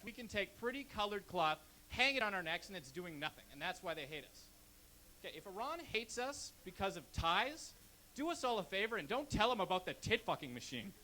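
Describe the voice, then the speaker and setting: Young Canadian male comic, high and lively, bright edge, brash deadpan stand-up. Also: slight background noise. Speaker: stand-up comedian. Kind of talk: stand-up comedy set. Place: comedy club stage.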